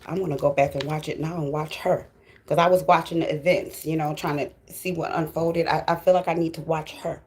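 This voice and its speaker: A woman's voice: low voice, fairly even intonation, brisk, darkish tone. A woman giving a spiritual tarot reading, emotional and fighting back tears while she talks casually to her viewers. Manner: addresses viewers directly and casually. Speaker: tarot reader.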